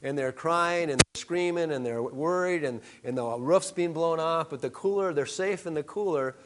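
A man preaching a sermon, telling stories with frequent halting restarts. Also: fairly high pitch. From Upper Midwest of the USA. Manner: halting storytelling with many restarts. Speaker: pastor.

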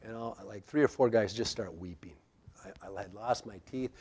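Animated storytelling preacher, man. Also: fairly low pitch, moderate pace, husky. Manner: animated storytelling, swings from loud to quiet. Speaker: pastor. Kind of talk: sermon.

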